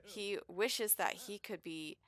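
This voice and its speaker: A woman's voice: mid-range voice, slow pace, fairly bright tone. A woman hosting a let's play, chatting in an upbeat, rambling way. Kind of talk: casual game commentary.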